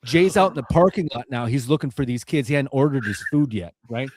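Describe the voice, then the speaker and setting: Animated, laughing male podcast host. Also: mid-range voice, fairly quick. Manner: animated storyteller, laughs often, swears freely. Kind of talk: casual storytelling chat.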